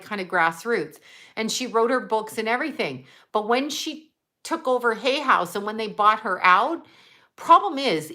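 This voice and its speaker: Chatty bright-voiced woman livestreaming. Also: medium pitch. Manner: rambling, laughing, chatty asides. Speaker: livestream host. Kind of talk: casual livestream chat reading comments.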